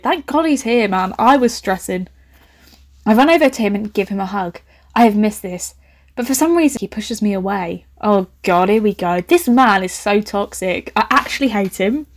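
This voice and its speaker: A woman's voice: medium pitch, lively intonation, fairly quick. A young woman reading a story aloud, breaking off for playful, laughing, camp asides.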